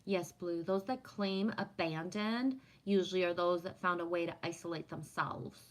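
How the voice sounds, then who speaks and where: A woman's voice: lowish voice, normal speed. A woman chats casually on a livestream, reading viewer comments aloud and answering each one. Her tone is affirming and reflective, and she often checks in with a "right?" while she talks about spiritual ideas. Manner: warm, affirming, spiritual musing with frequent "right?". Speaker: livestream host answering chat.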